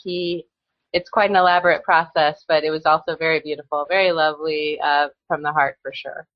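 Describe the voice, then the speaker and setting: Casting: earnest young woman, low-pitched, filler-heavy casual chat, dull dry recording. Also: steady tone, fairly quick, no room sound. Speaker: podcast guest.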